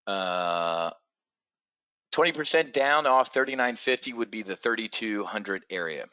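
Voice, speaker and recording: A man's voice: lowish voice, expressive, measured pace, bright, forceful tone, dull audio. A middle-aged man hosting a live trading show, giving blunt, profane market commentary and answering viewers by name. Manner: addresses viewers directly by name.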